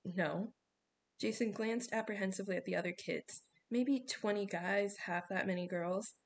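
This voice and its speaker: Woman narrator, audiobook reading, steady, even delivery. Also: medium pitch, moderate pace, slight background noise. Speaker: audiobook reader. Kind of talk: scripted narration.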